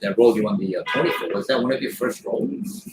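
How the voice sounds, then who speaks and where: A man hosting a casual interview at a comic shop, eager and quick to agree. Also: fairly low pitch. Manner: eager, animated, lots of agreeing. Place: comic book shop signing event. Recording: distant roomy mic, audible noise.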